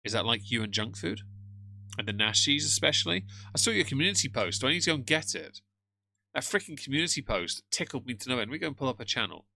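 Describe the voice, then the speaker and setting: A man's voice: mid-range voice, expressive, quick pace, gravelly, pushed and bright, dry recording. Jokey man live-streaming. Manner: greets chat members by name, jokey. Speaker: streamer reacting to a video. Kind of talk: casual live-stream chat.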